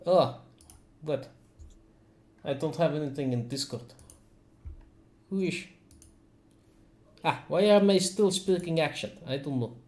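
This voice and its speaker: A man's voice: fairly high pitch, takes it slowly, long pauses, darkish tone. A man chatting casually between turns of a tabletop game stream, distracted and laughing. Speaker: game player on a live stream. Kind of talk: casual chat.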